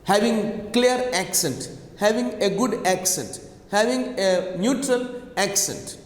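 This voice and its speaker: An Indian-accented man teaches English sounds in a high voice, speaking slowly and drilling each sound again and again. He keeps checking in with the class between fillers. The room is echoey, with a long reverb tail. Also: lively intonation. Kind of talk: online lesson.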